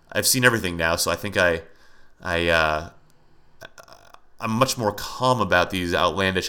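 A man's voice: fairly low pitch, sharp tone. A man hosting his own podcast, talking straight to listeners in a heated rant, with frequent restarts, repeats and swearing. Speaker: podcast host. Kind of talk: solo podcast commentary.

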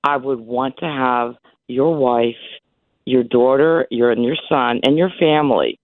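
A woman's voice: extremely low pitch, unhurried, no room sound. A woman in her sixties calling in to a radio show, talking emphatically with emotion. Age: 60s. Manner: emotional, emphatic, repeating herself. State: voice breaking with emotion. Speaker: caller. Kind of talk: call-in radio chat. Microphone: telephone. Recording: tinny phone line.

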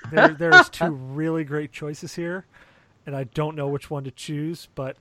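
Bright, lively man at a game night. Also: fairly high pitch, a little slow. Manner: laughing, playful, reading cards aloud. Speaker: podcast host. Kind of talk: casual game night banter.

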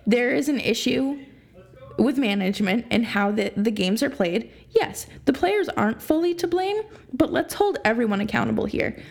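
A woman's voice: on the high side, normal speed, vocal fry. Exasperated young woman podcast host. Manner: exasperated, animated, laughs between points. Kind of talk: opinionated sports podcast rant.

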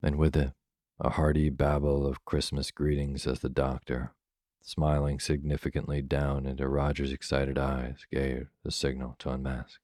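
A man reads a classic holiday tale for listeners drifting off to sleep. His voice is extremely deep and flat. The sound is close and dry, with no room around it. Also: dry recording. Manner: calm, soothing, unhurried. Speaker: storyteller. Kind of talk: slow bedtime story reading.

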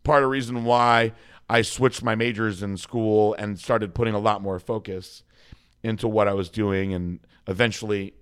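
A man's voice: on the low side, fairly even intonation, normal speed, clear, resonant tone. A man guest coach telling a story in a casual interview, swearing freely and mimicking others in a raised voice. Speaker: podcast guest, bodybuilding coach.

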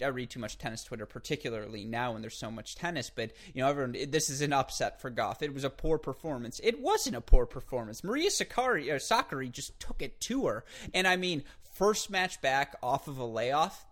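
Man, podcast host, casual sports chat, energetic, mid-pitched. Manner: energetic, talks in long runs with restarts.

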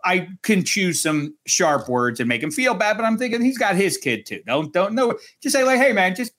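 A middle-aged man on a sports talk show, telling stories with lively, self-mocking energy. His voice sits a little high and sounds bright and forceful. He talks in quick bursts of banter. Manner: animated, self-mocking storyteller.

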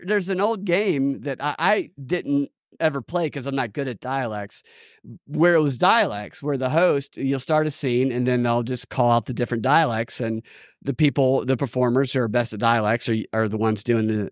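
A man's voice: medium pitch, normal speed, no room sound, studio quality. A man hosting a podcast, giving blunt, profane political commentary in casual chat and laughing often. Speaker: podcast host.

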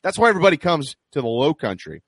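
A man's voice: a little high, very animated, fast, husky, no echo. A man hosting a sports talk show, chatting and reading ads in a folksy, salesy way. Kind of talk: sports radio talk with live ad reads.

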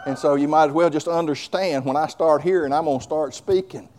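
Fervent high-voiced male preacher. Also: fairly even intonation, fairly quick, a little mellow. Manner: fervent, building to hollering, conversational asides. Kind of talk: sermon.

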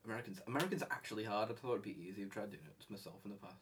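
A man's voice: lowish voice, rapid-fire, noisy background. A teenage boy hosting a casual podcast chat, rambling and laughing often, with the odd swear. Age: teens. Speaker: podcast host.

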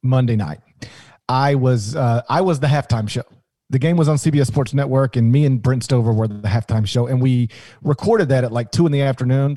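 A man co-hosting a sports podcast, telling stories with animated, joking energy. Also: medium pitch, dry recording. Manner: animated, jokey storytelling with restarts. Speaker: podcast co-host, sports analyst. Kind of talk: casual podcast banter.

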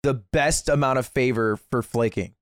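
A man's voice: medium pitch, normal speed, dry recording. A young man co-hosting a casual podcast, giving blunt, dry commentary. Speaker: podcast co-host.

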